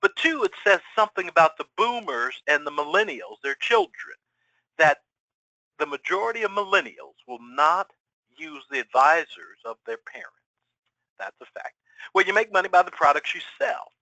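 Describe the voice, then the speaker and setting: A middle-aged man giving a webinar presentation to financial advisors, energetic and full of rhetorical questions. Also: on the high side, moderate pace, dry recording, poor audio. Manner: energetic, rhetorical questions, acts out quoted clients.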